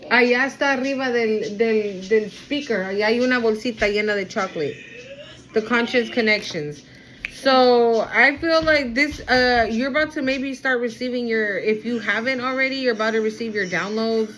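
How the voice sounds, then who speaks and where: A woman's voice: a little high, normal speed, fairly bright tone, a little hiss or hum, low-quality recording. A woman giving a heartfelt intuitive card reading, speaking straight to her viewers and slipping into Spanish now and then. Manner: earnest, emotional, addresses viewer directly; switches into Spanish at times. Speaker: spiritual card reader.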